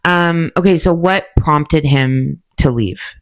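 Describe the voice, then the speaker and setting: A woman hosting a casual interview, blunt and swearing freely as she prompts with quick questions. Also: low-pitched. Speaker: podcast host.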